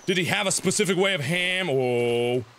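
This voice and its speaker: Jumpy high-voiced man playing a horror game. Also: lively intonation, moderate pace, a little hiss or hum. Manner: jumpy, yelps and shouts when startled, talks to the game. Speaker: gameplay commentator. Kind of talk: horror game let's play commentary.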